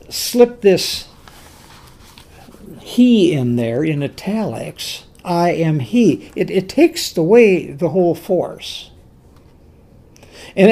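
Preacher mid-sermon, slow and deliberate, voice swinging up and down, hammers words by repeating them. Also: mid-range voice. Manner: emphatic, repeats key words; animated storytelling with restarts.

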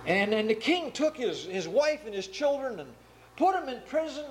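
A man preaching a sermon and retelling a parable with earnest, animated storytelling. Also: very high-pitched, a little slow, pauses often, a little hiss or hum, poor audio.

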